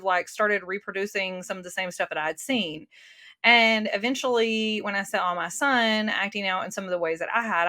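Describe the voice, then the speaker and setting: A woman being interviewed over a remote call talks from the heart in an earnest, casual way, often using fillers and starting sentences over. She has a mid-range voice that sounds pushed and bright.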